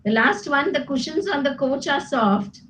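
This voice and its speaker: A woman's voice: high voice, animated, normal speed, a bit bright, slight background noise, low-quality recording. A woman teaching grammar to a class, patiently explaining and checking in with "you know" and "okay?". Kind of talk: classroom lesson with student responses.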